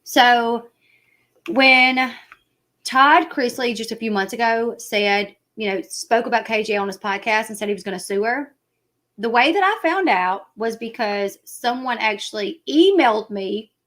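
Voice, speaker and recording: A woman's voice: on the high side, a little slow, a bit bright. Woman host, Southern country accent, chatty livestream commentary, rambling delivery. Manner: chatty, rambling, acts out quoted people. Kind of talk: casual livestream chat.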